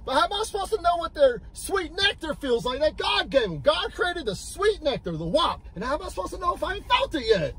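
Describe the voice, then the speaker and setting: Lively high-voiced young man. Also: a little fast, few pauses. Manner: animated, joking, bursts into shouting. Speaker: reaction channel co-host. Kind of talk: casual crude banter.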